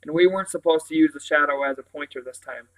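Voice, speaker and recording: A man's voice: fairly high pitch, fast, natural voice, poor audio. Man reading as a frightened young girl. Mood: doubtful. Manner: read aloud, words hesitant and fearful.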